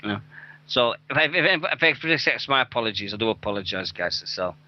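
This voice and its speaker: An animated young man with a sharp, medium-pitched voice talks fairly quickly as he hosts a wrestling radio show, rambling over event listings with plenty of profanity and jokes at his own expense. It's casual show chat, captured in a dull, lo-fi, dry recording.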